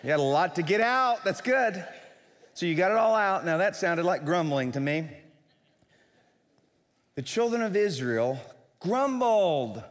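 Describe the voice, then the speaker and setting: A male pastor, preaching an animated sermon that swings from low and earnest to loud and urging. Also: unhurried, long pauses. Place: church sanctuary. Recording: long hall reverb.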